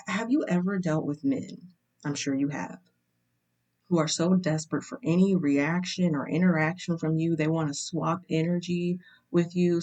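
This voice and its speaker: A young woman with a low voice speaks slowly and deliberately as she talks to camera. Her telling is candid and wry, and she lingers on words for emphasis. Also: mellow. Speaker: vlogger. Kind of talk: casual storytelling to camera.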